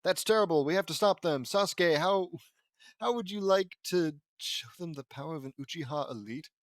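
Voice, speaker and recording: A man's voice: on the high side, moderate pace, no echo, close to an everyday voice. A man voicing a confident young heroine from a fan story he reads aloud.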